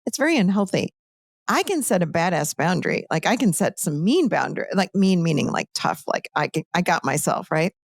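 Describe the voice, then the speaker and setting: A woman's voice: lowish voice, very animated, fairly quick, vocal fry, no room sound, studio quality. A woman coach talking emphatically in a casual interview, repeating her points for stress.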